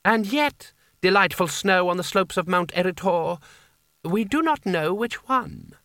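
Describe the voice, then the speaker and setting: A pompous, flowery-speaking ruler, prim and fussy, his voice pitched up and a little thin, as a male reader puts him on. Every remark comes wrapped in ornate, over-polite compliments. The audiobook recording is dry and close. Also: expressive, measured pace, pushed and bright, dry recording, exaggerated voice.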